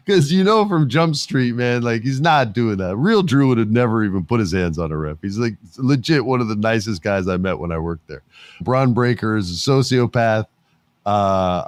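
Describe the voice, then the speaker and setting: A middle-aged man hosting a podcast, giving animated casual commentary, laughing often and swearing casually. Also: fairly low pitch, dry recording. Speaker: podcast host.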